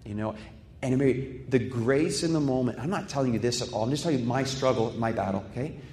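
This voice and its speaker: A man's voice: mid-range voice, fast talker, darkish tone. A male pastor preaching a sermon in a conversational way, with rhetorical questions and personal stories. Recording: echoey hall with long reverb.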